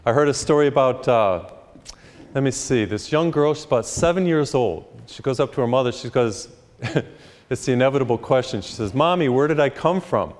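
Male priest, live sermon, jokey storyteller, mid pitch, long hall reverb. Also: normal speed, darkish tone. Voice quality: storytelling, acts out characters with pitch jumps. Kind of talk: sermon with humorous stories. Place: church retreat, live.

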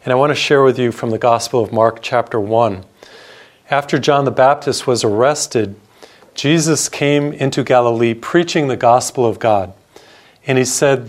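A man's voice: mid-range voice, moderate pace. A middle-aged man, a priest, preaching a radio sermon in an earnest storytelling way, repeating phrases for emphasis.

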